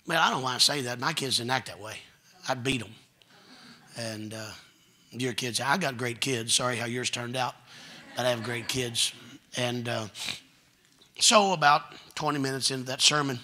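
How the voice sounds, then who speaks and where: A middle-aged man with a Kentucky accent, preaching a folksy, joking storytelling sermon that builds to loud preaching. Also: medium pitch, normal speed, pauses often. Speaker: guest preacher.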